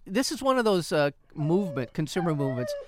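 A man's voice: on the high side, sing-song, quick pace, background noise. A middle-aged man co-hosting a casual news talk show, reacting emphatically and with indignation.

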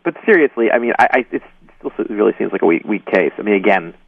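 A man on a tinny phone line, his voice sounding distant and dry as he works his way through each point haltingly, full of ums and you-knows. His voice sits low. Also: lively intonation, creaky, breathy edge, no echo. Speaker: guest journalist. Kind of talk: phone-in interview.

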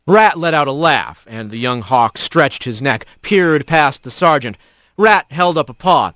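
A man narrating an animal story in an expressive storytelling way. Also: medium pitch, a little slow, no room sound. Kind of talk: scripted narration.

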